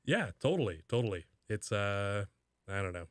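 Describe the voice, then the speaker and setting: A man's voice: lowish voice, big pitch swings, moderate pace, dry recording. Sarcastic jokey man, dry close mic. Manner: sarcastic, jokey, laughs often, mock outrage. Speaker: podcast co-host. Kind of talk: casual comedic chat.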